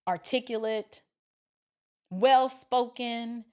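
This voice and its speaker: Lively, animated woman telling stories. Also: high-pitched, normal speed. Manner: animated storytelling, acting out dialogue; colloquial, emphatic. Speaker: commentary channel host. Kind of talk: casual livestream commentary.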